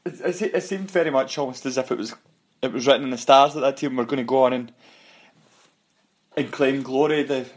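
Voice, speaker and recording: A man interviewing a guest, asking long halting questions with many restarts. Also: medium pitch.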